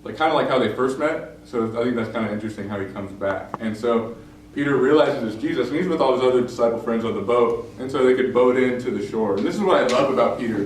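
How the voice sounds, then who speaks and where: A young male pastor tells a story in a relaxed, chatty sermon, full of "like" and "you know". His voice sits at an ordinary pitch and is picked up from afar. It rings in a big, reverberant hall with a faint hiss underneath. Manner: conversational, many fillers, acts out quoted lines. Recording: very echoey room, distant mic, faint noise.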